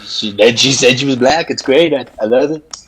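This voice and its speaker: A man's voice: medium pitch, moderate pace, fairly bright tone, rough recording. A man co-hosting a political podcast in casual chat, blunt and profane, repeating himself as he restarts. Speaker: podcast co-host.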